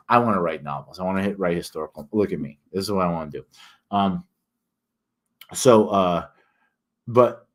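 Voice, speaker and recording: Older man, Northern US accent, emphatic ranter with a lowish voice, livestream host. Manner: emphatic, ranting, frequent restarts and fillers. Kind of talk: casual ranting monologue.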